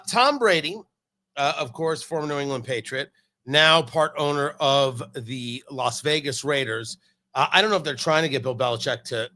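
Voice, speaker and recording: A man's voice: mid-range voice, sharp tone. A man hosting a casual chat about football, opinionated and emphatic, with frequent stumbling restarts. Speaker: podcast host.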